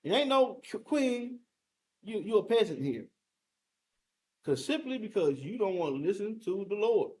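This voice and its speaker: High-voiced fiery male scripture teacher. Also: sing-song, unhurried, pauses often, a little mellow. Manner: emphatic and confrontational, with rhetorical questions and mild cursing.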